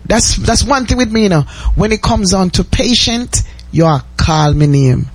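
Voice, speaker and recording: A man's voice: high voice, animated, moderate pace, no room sound. A man with a Jamaican accent hosting a gospel radio show, chatting casually, reading listener messages and repeating phrases. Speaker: radio host.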